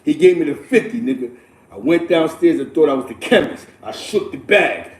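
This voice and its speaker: A man casually telling street stories on a podcast, animated and streetwise, laughing as he goes and often asking "you know what I'm saying.". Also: a little high, moderate pace, echoey room, crowd noise, poor audio.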